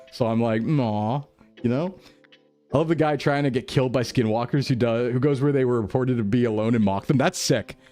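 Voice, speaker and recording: A young American man chatting casually with his stream viewers, excitable and loose, full of "like" and "bro". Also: medium pitch. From United States. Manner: animated, excitable, lots of "like" and "bro".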